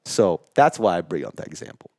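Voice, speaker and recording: A man co-hosting a podcast, telling a story in casual chat, animated and full of "like", acting out what people said. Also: low voice, a little fast, gravelly, dry recording, studio quality. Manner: animated storyteller, acts out quotes, says "like" a lot. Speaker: podcast co-host.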